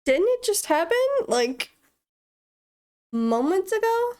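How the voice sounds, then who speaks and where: A woman's voice: extremely high pitch, big pitch swings, slow pace, darkish tone. A woman hosting a gaming channel, casually commenting and thinking aloud while playing. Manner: chatty, thinks aloud, jokey.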